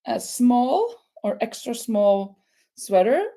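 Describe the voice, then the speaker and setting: A woman from Norway with a Norwegian accent, hosting a casual live crochet chat in a halting way, with many fillers and restarts. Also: fairly high pitch, sing-song, creaky, dark tone. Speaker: crochet channel host.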